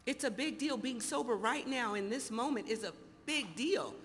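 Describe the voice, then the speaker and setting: A woman in her fifties telling her recovery story to an audience in an animated, storytelling way, acting out the dialogue. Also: on the high side, normal speed. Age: 50s. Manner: animated storyteller, acts out dialogue, laughs often. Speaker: speaker sharing recovery story. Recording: hall reverb, faint noise.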